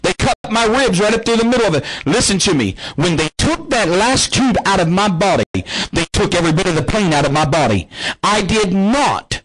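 A man's voice: sits high, animated, moderate pace, a bit bright, rough recording. A man preaching a televised healing sermon as a pastor, fervent and rising and falling in intensity. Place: studio without choir or organ. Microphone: studio camera mic.

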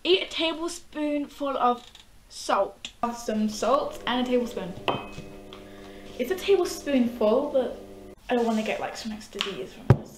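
A woman's voice: fairly high pitch, expressive, measured pace, noisy background. A woman doing a casual dare challenge vlog, reading out dares and reacting with giggles. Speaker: vlogger.

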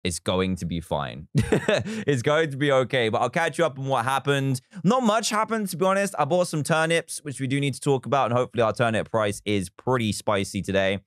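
A man's voice: medium pitch, expressive, brisk, a bit bright, no echo, clean studio sound. Chatty man hosting a game stream. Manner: chatty and playful, thanking viewers between bits of play. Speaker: livestream host. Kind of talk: casual live game-stream chat.

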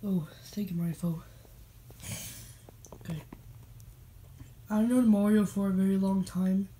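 A woman voicing a solemn male family friend who speaks in a measured, respectful way at a funeral, in a homemade puppet show. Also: steady tone, mellow, slight background noise, close to an everyday voice, rough recording. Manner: measured, low-key and respectful.

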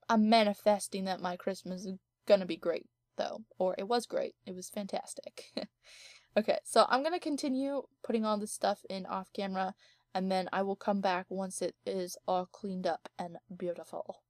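A woman's voice: medium pitch, steady tone, moderate pace, no echo, studio quality. A young woman giving casual, giggly gameplay commentary from her home office, thinking aloud with lots of ums. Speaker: let's play gamer.

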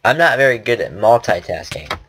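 This gaming commentator has a fairly low, slightly rough voice with a fairly bright tone, big swings in pitch, and a brisk delivery. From his home computer, he chatters in a rambling, self-deprecating way about the game.

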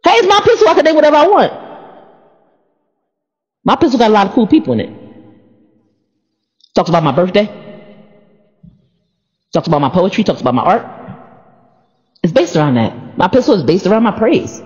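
A woman giving a casual faith talk to the camera, sleepy and allergic, talking in an animated way and repeating words as she goes. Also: mid-range voice, brisk, long pauses. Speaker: church member sharing devotional thoughts. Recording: reverberant, dull lo-fi sound.

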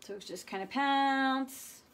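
A woman with a fairly high voice leads a live furniture painting demo. She is chatty and playful, and she keeps checking in with her viewers. Her delivery is relaxed and conversational as she explains each step. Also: takes it slowly.

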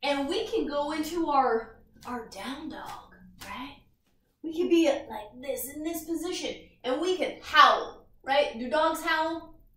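A woman's voice: high-pitched, expressive, takes it slowly, bright, forceful tone, echoey room, far from the mic. A woman leading a yoga class for young children, cheerful and sing-song, making animal sounds with them. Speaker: kids' yoga instructor. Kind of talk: guided kids' yoga class.

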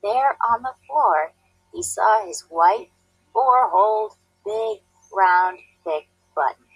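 A woman teacher reading a storybook aloud to a class, clear, deliberate and expressive. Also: mid-range voice, no echo, faint music behind, low-quality recording.

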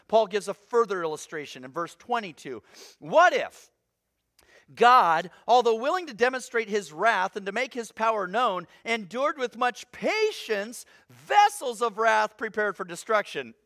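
A man preaching a sermon as pastor, animated and conversational, acting out little voices as he goes. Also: high-pitched, no echo, studio quality.

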